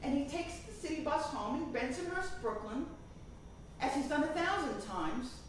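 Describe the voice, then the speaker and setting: A woman doing stand-up comedy, telling a family story in an animated, dramatic way. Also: high-pitched, moderate pace, heavy reverb, far from the mic, a little hiss or hum, rough recording.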